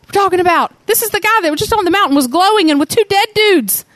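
A woman preaching a sermon, telling the story in an animated way and asking many rhetorical questions. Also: extremely high pitch, fast, hardly any pauses, no echo.

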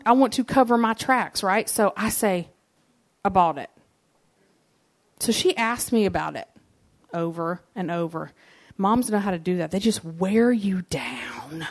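A woman, giving a sermon and telling personal stories in a conversational, humorous way. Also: on the high side. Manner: conversational and humorous, addresses the audience directly. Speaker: speaker giving a church message.

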